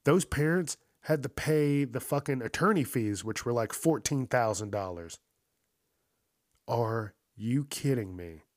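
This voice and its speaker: A man's voice: medium pitch, animated, unhurried, no room sound, studio quality. A man giving casual, profane commentary on an odd news story, incredulous and laughing often.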